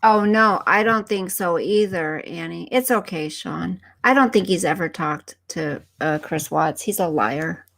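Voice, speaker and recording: A woman's voice: lowish voice, measured pace, vocal fry, hardly any pauses, fairly bright tone. A woman hosting a casual livestream, chatting to viewers by name and now and then dropping into whispered asides. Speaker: livestream host. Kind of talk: casual livestream chat, reading viewer comments.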